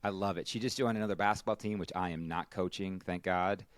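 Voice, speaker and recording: Man, very low voice, dry close sound, reflective casual talk, repeats words. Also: fairly even intonation, fast talker, smooth, no echo. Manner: reflective, repeats words when starting sentences. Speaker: podcast guest. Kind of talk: casual conversation.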